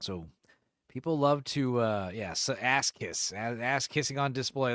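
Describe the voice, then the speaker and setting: A podcast co-host chats casually in a mid-range, slightly bright voice with big pitch swings and a moderate pace. He rambles and curses while acting out quotes in different voices. The studio-quality recording has no room sound.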